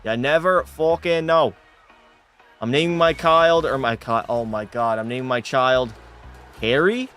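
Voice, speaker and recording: A man's voice: medium pitch, unhurried, fairly bright tone, faint music behind. A young man streaming a hockey game, chatting with his viewers and getting worked up over the play. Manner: casual, swearing, frustrated outbursts. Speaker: gaming streamer. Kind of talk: live game commentary with chat.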